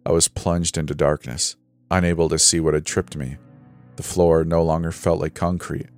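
A man with a very low voice reads a first-person horror story in a steady, measured way that builds suspense. Soft music plays faintly beneath him.

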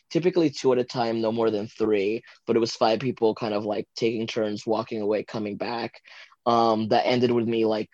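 A man's voice: fairly low pitch, no echo. A man from Los Angeles as a podcast guest, telling a personal story in casual chat, rambling with lots of fillers and giggles. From Los Angeles, USA. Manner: chatty, rambling, many fillers like "like" and "um"; giggly, animated when retelling moments. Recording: dull, dry lo-fi recording.

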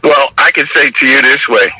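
An older man with a New York accent, talking in a measured, reflective way during an interview and often checking in with "you understand?". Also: medium pitch, very noisy. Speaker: guest, basketball referee mentor.

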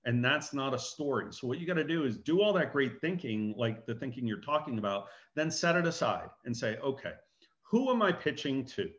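A man giving an animated business talk as a guest speaker, acting out dialogue and anecdotes. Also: mid-range voice, fairly quick, highs cut off.

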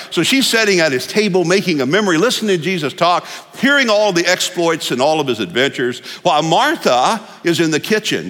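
A man's voice: on the high side, bright, forceful tone. A man preaching a folksy, humorous sermon to a church congregation. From Texas. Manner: folksy, humorous storytelling with repetitions. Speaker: pastor. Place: church sanctuary. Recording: long reverb of a church hall.

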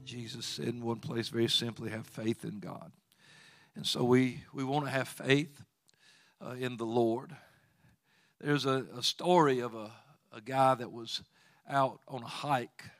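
A man preaching a sermon as pastor of a church, telling homespun stories and rising to loud exhortation when he leads praise. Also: medium pitch, fairly even intonation, a little slow, no echo, clean studio sound. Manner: folksy storytelling with plain asides.

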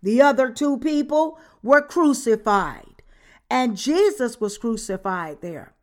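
Brief: woman, sermon reader, higher voice, unhurried and deliberate. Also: expressive. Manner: measured, deliberate reading. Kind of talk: read-aloud sermon.

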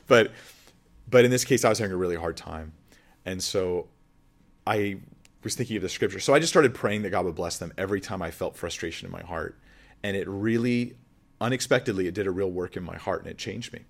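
A man speaking as a pastor in a Bible teaching sermon, earnest and conversational, often asking the audience questions. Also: deep voice.

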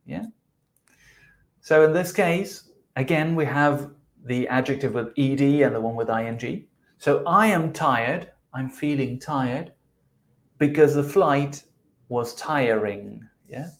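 A man with a South American Spanish accent teaches in a relaxed podcast chat. His voice sits at a middling pitch, and he explains patiently, chuckling at his own slips. He is a native Spanish speaker. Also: slow. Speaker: English teacher, podcast co-host. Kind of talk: conversational podcast lesson.

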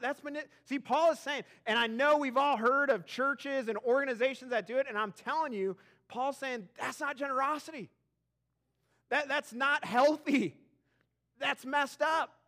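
A man in his thirties preaching a sermon as pastor, telling stories with lively emphasis and frequent repeated words. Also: very high voice. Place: church auditorium.

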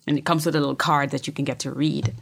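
Low gravelly woman telling a story. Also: flat delivery, fast. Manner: reflective, often dropping to a soft whisper. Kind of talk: casual storytelling chat.

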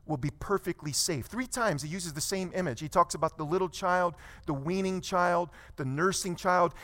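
Pastor, male, higher register, sermon delivery: slow scripture reading, emphatic teaching. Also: fairly bright tone. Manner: reads scripture slowly, then preaches with rising emphasis.

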